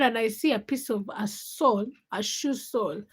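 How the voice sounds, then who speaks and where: A woman's voice: on the high side, moderate pace, husky. A young woman from Uganda, a law student, chatting casually on a livestream and telling funny stories. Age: young adult. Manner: chatty storytelling with bursts of laughter. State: sleepy. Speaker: livestream host.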